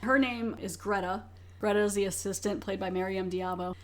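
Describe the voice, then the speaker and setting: A woman's voice: mid-range voice, fairly even intonation, fairly quick. A woman co-hosting a casual podcast at home, retelling a film's plot scene by scene. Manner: retells plot in detail, acting out lines. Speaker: podcast co-host. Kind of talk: casual film review chat.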